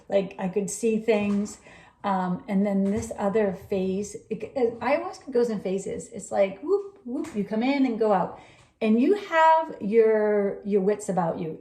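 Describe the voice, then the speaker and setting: Woman, casual storyteller, animated and rambling, mellow tone, echoey room. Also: medium pitch. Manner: animated, rambling, laughs often, acts out quoted dialogue. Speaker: vlogger recounting a personal experience. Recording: roomy echo.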